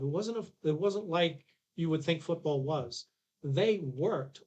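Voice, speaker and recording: A Canadian man in his 60s, a podcast guest, tells a long, rambling anecdote in casual storytelling, restarting often and acting out quoted dialogue. His voice is a little high and a little mellow.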